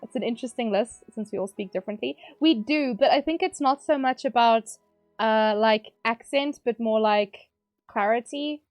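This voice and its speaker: A woman's voice: a little high, moderate pace, no room sound, soft background music. A woman streamer chatting casually while she plays, talking loosely with lots of fillers and frequent laughter. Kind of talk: casual chat while gaming.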